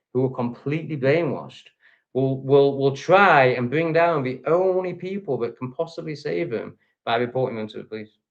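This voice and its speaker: A man's voice: fairly high pitch, highs cut off. A man from England with an English accent, ranting angrily and profanely at the critics in his reaction video. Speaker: vlogger. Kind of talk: angry reaction rant.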